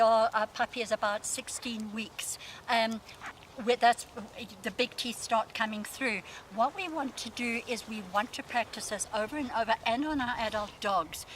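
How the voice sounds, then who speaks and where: A woman dog trainer explaining an exercise in a calm, instructive way. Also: fairly high pitch, low-quality recording. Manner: calm, explanatory, with sudden sharp yelps. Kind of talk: instructional demonstration. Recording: background noise.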